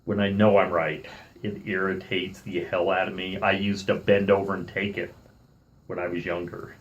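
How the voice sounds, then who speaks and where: A middle-aged man telling a story in a casual vlog, animated and irritated, playing both sides of an argument and calling himself by name in the third person. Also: low voice, moderate pace, muffled recording. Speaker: vlogger.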